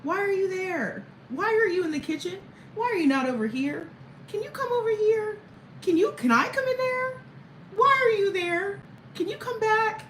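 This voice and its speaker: A woman voicing a clingy, upset toddler girl who fires off rapid, repetitive, whiny pleas for her mother. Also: very high voice, lively intonation, a bit bright, roomy sound, a little hiss or hum, pitched above the performer's own voice, poor audio. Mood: pleading.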